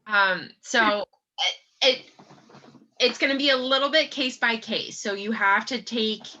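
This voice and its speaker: A woman psychologist explaining calmly on a video call panel. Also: mid-range voice, highs cut off. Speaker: psychologist guest.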